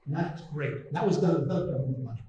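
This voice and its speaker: A man from Canada delivers a fervent, indignant lecture, pressing his points through repetition. His fairly high voice rings around a very reverberant hall. He sounds distant from the mic, with a faint hiss underneath. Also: fast, dark tone, highs cut off. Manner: impassioned, indignant, emphatic repetition. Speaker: guest lecturer. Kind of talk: public lecture with slides. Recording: very echoey hall, voice from far off.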